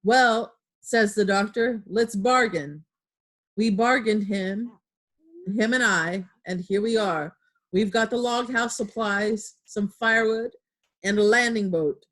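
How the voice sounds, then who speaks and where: A woman reading aloud as a cunning older male pirate cook, in a loud, steady storytelling voice. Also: mid-range voice, slow pace. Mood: sly.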